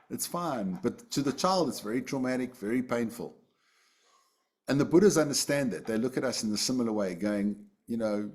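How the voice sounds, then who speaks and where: Teaching a Buddhist class on a video call, a man keeps things relaxed and conversational, full of fillers and restarts. He speaks at normal speed with a medium-pitched voice.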